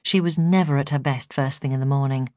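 A woman reads a first-person memoir in a measured, earnest way. Her voice sits low. The studio sound is dry and close. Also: warm tone, no echo. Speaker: audiobook narrator.

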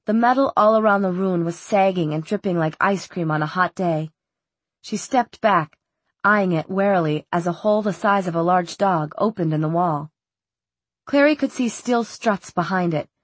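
A female audiobook narrator reads a young-adult fantasy novel from a script in a steady, even storytelling style. Her voice is medium-pitched, with no room sound at all.

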